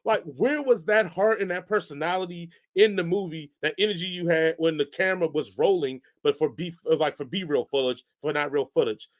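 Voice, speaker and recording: A man co-hosting a casual podcast, ranting in an animated way with sudden jumps in pitch and volume. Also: normal speed, hardly any pauses. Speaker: podcast co-host reviewing movies.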